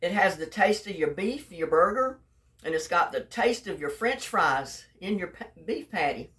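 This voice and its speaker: A woman's voice: on the low side, animated, moderate pace, a bit bright, far from the mic. A woman talking through a home cooking video in a folksy, chatty way, speaking straight to her viewers. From Texas. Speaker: home cook. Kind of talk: casual cooking vlog.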